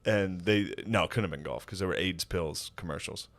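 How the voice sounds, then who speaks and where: A man's voice: deep voice, brisk, a bit bright. A man in his thirties telling family stories as a guest in casual chat, laughing often and mimicking his father's voice.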